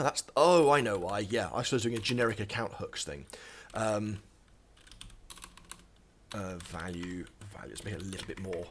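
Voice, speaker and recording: A man's voice: medium pitch, a little hiss or hum. A young man streaming himself coding at a standing desk in his home office, thinking aloud with lots of ums and asides, a bit out of breath. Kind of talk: live coding stream commentary.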